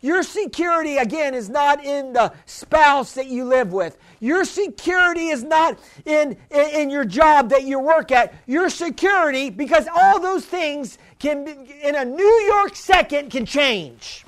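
A man with a very high voice delivers a fervent sermon. He repeats key phrases and calls out to the congregation for a response. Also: animated, measured pace, hardly any pauses, a bit bright. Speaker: preacher.

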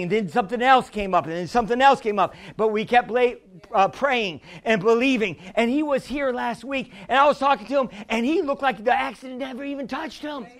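A man preaching a sermon as pastor, repeating himself, chuckling through anecdotes and building to shouts. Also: sits high. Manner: repetitive, rising to shouts at the congregation; conversational, tells anecdotes with chuckles.

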